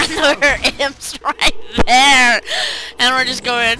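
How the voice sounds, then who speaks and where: A man's voice: extremely high pitch, fairly even intonation, takes it slowly, poor audio. A man doing joking let's play commentary, laughing often and letting out sudden yelps. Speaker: game player. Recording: voice over loud game music. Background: game music.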